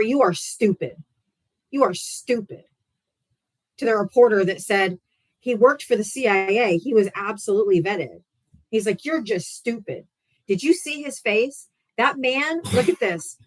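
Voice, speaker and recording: A woman's voice: mid-range voice, expressive, moderate pace. Profane, mocking woman livestreamer. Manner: profane, mocking, heated and sarcastic. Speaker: live-stream political debate host. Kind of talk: casual livestream rant.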